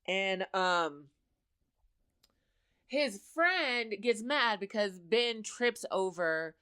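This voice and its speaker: A woman's voice: mid-range voice, lively intonation, drawn-out words, bright, forceful tone, clean tone, dry recording, clean studio sound. A young adult woman casually recapping a TV episode, chatty and full of fillers, with laughing asides. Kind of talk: casual chat.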